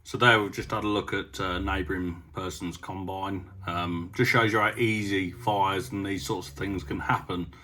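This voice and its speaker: A man's voice: deep voice, fairly even intonation, normal speed, hardly any pauses, pushed and bright. A young adult man, chatting casually as a farming vlogger and rambling through stories with lots of ums. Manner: rambling, with many ums and a storytelling drift. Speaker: farmer vlogger. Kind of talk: casual vlog chat.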